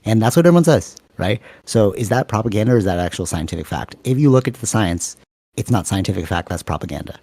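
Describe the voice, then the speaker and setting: A man with a lowish voice talks in a quick, animated, rambling way as a podcast co-host. He is on a video call. The sound is dry and close. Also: no room sound. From Canada. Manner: fast-talking, rambling, animated. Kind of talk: casual chat.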